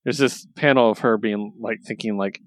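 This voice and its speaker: His voice is lowish and steady, moving at a moderate pace with no echo. As host of a casual chat, he eagerly recaps stories, filling his speech with ums and likes.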